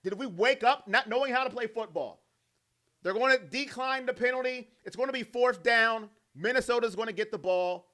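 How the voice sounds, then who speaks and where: A man hosting a live fan stream, calling the plays and reading out chat messages and donations in an animated way. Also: extremely high pitch, moderate pace. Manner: animated, loud, reacts to plays and reads donations. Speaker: fan livestream host doing play-by-play.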